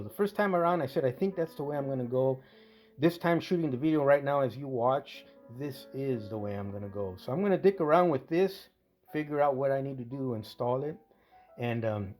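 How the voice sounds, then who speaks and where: A man's voice: medium pitch, darkish tone. A man casually narrating a scale model tank restoration, rambling and correcting himself as he goes. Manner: rambling, self-correcting, conversational.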